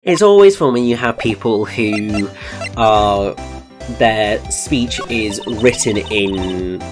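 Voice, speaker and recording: A man's voice: lowish voice, animated, slow pace. A man from the English Midlands co-hosting a game playthrough, chatty and explanatory, drifting into side topics, with game music behind. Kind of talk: casual chat.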